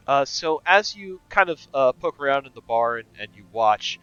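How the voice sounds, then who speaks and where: A male game master narrating an adventure in a relaxed, meandering way, full of pauses and filler sounds. His voice sits at a middle pitch, and the online audio comes through slightly muffled. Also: smooth, no room sound, faint music behind.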